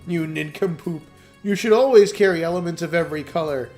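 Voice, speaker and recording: A man's voice: on the high side, a little fast, a little mellow, soft background music, lightly acted. A man doing a blustering, bossy knight. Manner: blustering, overly formal. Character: pompous male knight, fussy and bossy.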